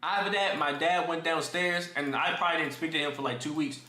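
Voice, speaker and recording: A young man tells a story to his live chat in loose, casual slang, addressing his viewers directly. His voice sits high and bright, and it carries a noticeable room echo. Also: brisk. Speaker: streamer.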